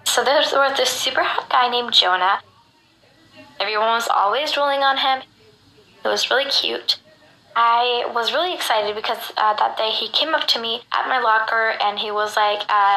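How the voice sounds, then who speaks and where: A woman's voice: on the high side, moderate pace, sharp tone, roomy sound, rough recording. Chatty, gushing woman telling a story. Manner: chatty, gushing, full of "like" and "I was like". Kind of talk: storytime narration.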